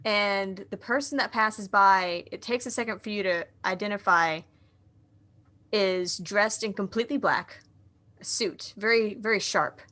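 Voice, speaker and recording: Bright-voiced woman running a tabletop game. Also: mid-range voice. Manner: descriptive, measured scene-setting. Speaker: game master.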